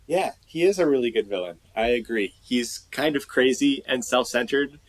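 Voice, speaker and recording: Man, podcast co-host, casual film chat, hesitant and filler-heavy, mid pitch, dry close sound. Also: expressive, dry recording, poor audio. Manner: halting, trailing off with fillers. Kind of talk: casual movie discussion.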